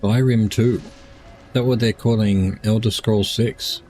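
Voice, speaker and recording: A man's voice: on the low side, fairly even intonation, slow pace, dark tone, faint music behind. A tired man streaming a game, rambling casually as he plays and muses over chat questions. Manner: rambling, musing aloud, answering chat questions. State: tired, yawning.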